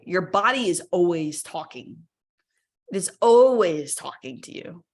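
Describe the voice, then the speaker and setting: Candid woman sharing her story, lowish voice. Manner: candid, conversational, often asks the audience "right?". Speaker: speaker sharing a personal story. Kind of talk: live webinar talk. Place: her home workspace. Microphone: video call.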